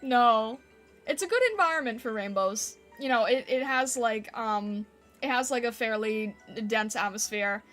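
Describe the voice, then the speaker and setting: A woman with a fairly high voice, chatting on a live stream and answering her viewers' comments in a playful, giggly way. Soft music plays quietly behind her. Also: measured pace. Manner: playful, giggly, reacting to chat. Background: faint background music.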